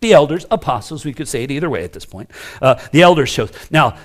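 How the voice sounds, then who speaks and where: Emphatic preacher with a higher voice. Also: male voice, big pitch swings, a little fast. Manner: emphatic and conversational, with asides to the congregation. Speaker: pastor. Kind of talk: teaching sermon.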